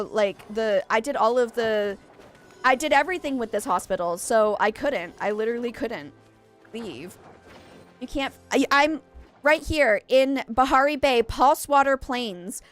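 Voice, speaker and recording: Faint music plays behind a young adult woman who streams a game and chats casually in a rambling way, full of exclamations and restarts. Her voice is fairly high and her pace unhurried.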